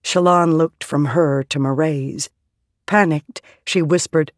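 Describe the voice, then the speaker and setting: Audiobook reader, slow and steady, dry close sound. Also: medium pitch, no room sound. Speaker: audiobook narrator. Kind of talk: scripted narration.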